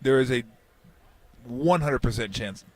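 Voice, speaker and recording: A man's voice: medium pitch, a little slow, no echo. A man in his fifties co-hosting a sports radio show, telling a story in casual banter and acting out the quotes. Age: 50s. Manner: animated storyteller, repeats himself, acts out quotes. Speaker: radio co-host. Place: convention hall radio row booth.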